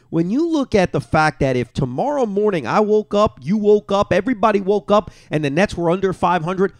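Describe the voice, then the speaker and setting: Euphoric ranting man, lively pitch. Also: no room sound. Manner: euphoric, ranting, swings from yelling to hushed. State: short on sleep, late at night. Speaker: podcast host. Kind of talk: excited solo sports reaction.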